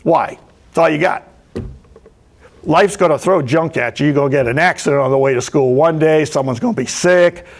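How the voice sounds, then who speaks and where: A man's voice: on the high side, normal speed. A man giving opening remarks as a motivational speech, telling stories and repeating key phrases for emphasis.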